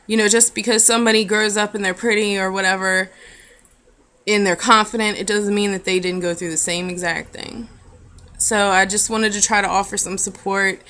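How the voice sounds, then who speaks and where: A young woman vlogger telling a personal story in an earnest, halting, emotional way. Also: mid-range voice, bright, forceful tone. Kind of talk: personal confessional vlog.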